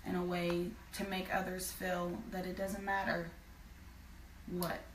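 A woman's voice: lowish voice, monotone, measured pace, a little hiss or hum. A woman singer in a casual live video chat, speaking earnestly with frequent fillers. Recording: roomy sound from far off.

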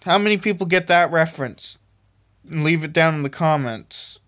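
A man's voice: fairly high pitch, moderate pace, fairly bright tone. Guy reading his own story off his phone, stops to ramble and correct himself. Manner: rambling, self-correcting asides. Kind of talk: casual aside while reading own story.

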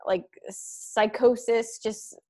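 A woman's voice: a little high, fairly even intonation, extremely slow, dark tone. A woman taking part in an online book club, chatty and casual with many filler words. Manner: chatty, uses "like" often. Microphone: video call.

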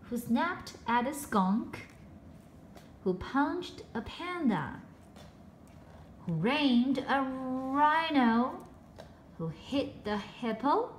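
A woman reading a children's storybook aloud in a slow, expressive way with dramatic pauses. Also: high-pitched. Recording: roomy echo with faint background hum.

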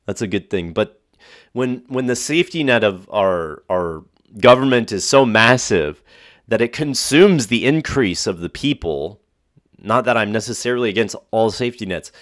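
Emphatic low-voiced male preacher. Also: animated, moderate pace, a bit bright, no echo, clean studio sound. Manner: emphatic, repeats phrases for stress. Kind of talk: sermon with scripture reading.

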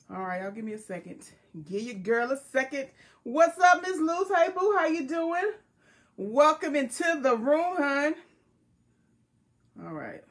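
A woman hosting a live jewelry sale, chatting in a folksy, friendly way and greeting viewers by name, recorded on a tablet. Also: sits high. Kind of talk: casual live-stream selling chat. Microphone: tablet device.

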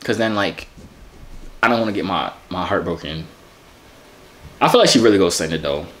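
A man's voice: low-pitched, animated, fairly quick, fairly bright tone. A young man from Arizona talking in a playful, joking way full of slang while he makes a casual vlog. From Arizona, USA. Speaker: YouTuber.

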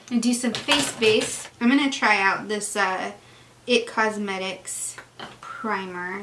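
A woman beauty vlogger chats and gushes while doing her makeup for a get-ready-with-me video. Her voice is mid-range and fairly bright, recorded in an echoey room with faint noise.

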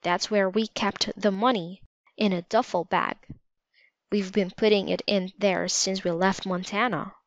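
A woman's voice: medium pitch, steady tone, unhurried, no room sound, lightly acted. A woman reading the lines of an earnest grown man in a storybook. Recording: slightly dull lo-fi recording.

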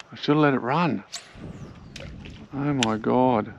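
An Australian man giving excitable, chatty commentary while fishing from a small boat on a creek, talking to the fish he catches. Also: mid-range voice, slow pace, vocal fry, lo-fi sound, slight background noise. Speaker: angler filming his own fishing trip. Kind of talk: casual fishing vlog commentary.

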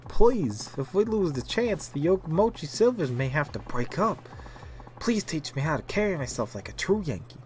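A man's voice: fairly high pitch, sing-song, normal speed, a little mellow, pitched above the performer's own voice. A man voicing a polite young male band leader in a video game who begs for help, earnest and pleading.

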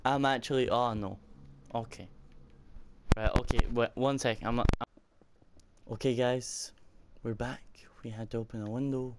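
A young gaming YouTuber does let's-play commentary from his room at home with the window open, getting frustrated, swearing, and laughing at himself. His mid-range voice is steady at a moderate pace with frequent pauses, picked up by the microphone at his computer over a noisy background.

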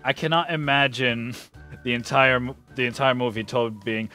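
A man's voice: medium pitch, normal speed, bright, forceful tone, faint music behind. A man chatting as a podcast guest, mostly short remarks. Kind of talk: casual podcast chat.

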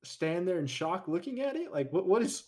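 A man's voice: high-pitched, big pitch swings, moderate pace, mellow. A young man joking animatedly with friends on a podcast, acting out mock quotes. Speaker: podcast co-host. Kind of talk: casual chat.

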